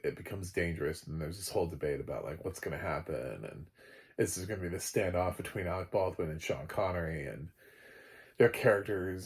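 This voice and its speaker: A man's voice: low-pitched, darkish tone. A man giving a casual film review, rambling with many fillers and restarts, chuckling between thoughts. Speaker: film critic.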